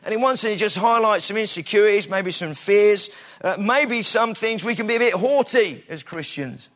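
At a moderate pace and in a high, slightly bright voice, a middle-aged British preacher gives a relaxed, conversational sermon. He often begins sentences again and throws in asides at his own expense, speaking British English.

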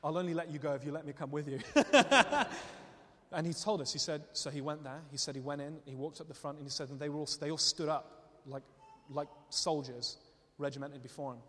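A man's voice: on the high side, brisk, bright, forceful tone. A man preaching a sermon, telling stories in a conversational but impassioned way. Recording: long hall reverb.

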